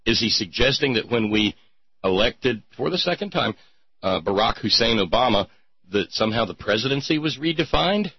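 A man's voice: medium pitch, lively intonation, moderate pace, husky, no echo. A man hosting a sarcastic commentary show, rambling with lots of fillers. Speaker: host. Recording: dull lo-fi podcast mic.

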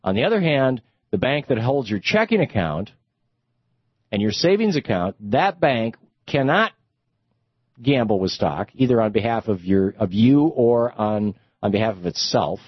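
Husky man lecturing on radio. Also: medium pitch, very animated, moderate pace, no echo, lo-fi sound. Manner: conversational, emphatic lecturing with rhetorical questions. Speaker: radio talk show host. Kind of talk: explanatory radio monologue.

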